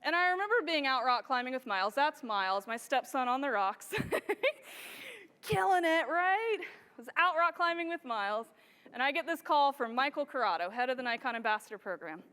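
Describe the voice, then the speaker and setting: High-voiced, enthusiastic woman presenting on stage. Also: moderate pace, clear, resonant tone. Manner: enthusiastic, animated storytelling with frequent laughter. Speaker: wildlife photographer giving a stage presentation. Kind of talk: live storytelling presentation to an audience. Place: large hall with a live audience. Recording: reverberant hall sound.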